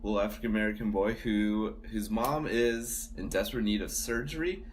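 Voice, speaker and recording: A man's voice: on the low side, brisk, slight background noise. A man co-hosting a podcast, chatting casually and recapping films with small restarts. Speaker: podcast co-host. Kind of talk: casual chat.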